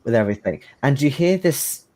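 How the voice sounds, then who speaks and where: A man's voice: medium pitch, animated, brisk, warm tone, slight background noise. A man running a tabletop horror game as game master, narrating in a hesitant way with many fillers.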